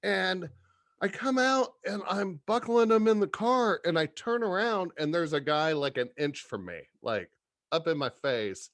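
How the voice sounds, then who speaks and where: Profane, animated man in a dry booth. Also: sits high, a little slow, dry recording. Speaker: podcast guest. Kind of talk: casual storytelling chat.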